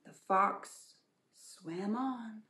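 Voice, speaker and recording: A woman librarian reading aloud at a preschool storytime, animated, gently asking children questions. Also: medium pitch, very slow. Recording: echoey room.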